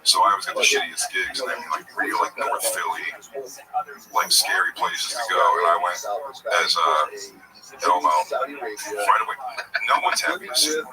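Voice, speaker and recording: A man with a low voice that swoops all over the place, telling a story in a loose, rambling, profane way and laughing along the way. He sounds a little far from the mic, with a loud crowd filling the background. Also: sing-song, normal speed. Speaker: livestream host telling stories. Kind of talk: casual chat, storytelling.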